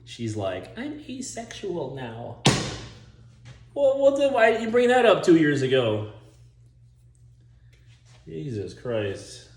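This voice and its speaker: A man's voice: a little high, slow pace, pauses often, a little hiss or hum. Rambling, cussing guy in an echoey room. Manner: profane, animated, chuckling. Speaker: movie vlogger. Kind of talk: rambling casual monologue.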